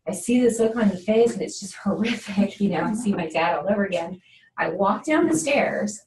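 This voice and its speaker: A woman's voice: mid-range voice, lively intonation, normal speed, darkish tone. Woman telling a raw personal story. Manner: candid, emotional, keeps asking "right?". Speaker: podcast host. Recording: echoey room, mic at a distance, faint noise.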